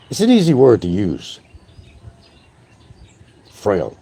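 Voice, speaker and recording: An older man on a livestream, delivering a combative rant that swings between shouting and muttering. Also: low voice, wildly swooping pitch, slow pace, long pauses, a little hiss or hum. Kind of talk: ranting livestream monologue. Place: island town, outdoors or at home.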